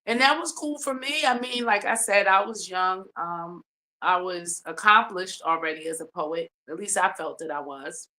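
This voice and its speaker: Bright-voiced woman giving detailed testimony. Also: lowish voice, moderate pace. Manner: long detailed storytelling with many ums. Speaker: complainant telling her story. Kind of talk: testimony in a mediated hearing.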